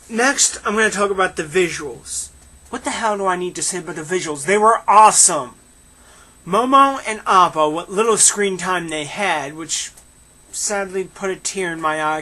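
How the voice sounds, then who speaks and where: A voice with a bright, sharp edge talks through a casual film review. The delivery is opinionated and animated, with mocking asides thrown in. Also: mid-range voice.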